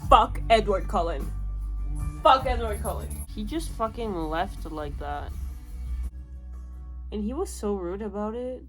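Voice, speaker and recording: Young woman, book vlog, emotional, profane, loud then muttering, faint music behind. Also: mid-range voice, expressive, a little slow, long pauses. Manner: emotional, swearing, swings between loud outbursts and muttering. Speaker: book vlogger. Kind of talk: casual reading vlog reaction.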